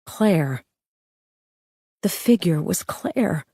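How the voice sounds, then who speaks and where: A woman's voice: on the low side, animated, very slow, warm tone, slightly rough, no echo. A woman narrating a thriller audiobook with a tense, urgent reading.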